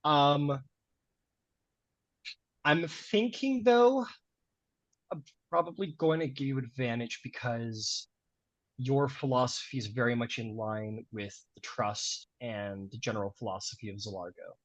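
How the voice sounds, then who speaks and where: A man's voice: mid-range voice, measured pace, pauses often, no echo. Chatty male game master. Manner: chatty, laughing, full of fillers. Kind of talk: narrating a tabletop game.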